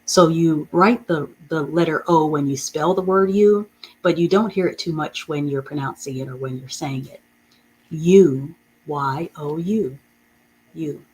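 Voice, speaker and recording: A woman's voice: low-pitched, moderate pace, a little mellow, low-quality recording. A woman teaching a beginner reading lesson, patiently repeating and spelling out each word.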